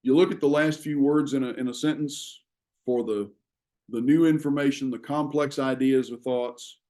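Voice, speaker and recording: A man teaching a class on writing, explaining ideas in a measured way with frequent pauses. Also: mid-range voice, fairly even intonation, darkish tone. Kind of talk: classroom lecture.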